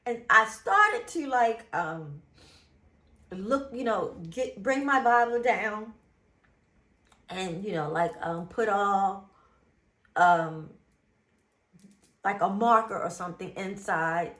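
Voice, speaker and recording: A woman host, reading Bible verses in a casual faith talk, animated and emphatic, repeating phrases. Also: mid-range voice, reverberant. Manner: animated, emphatic, drawn-out repetitions. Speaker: show host.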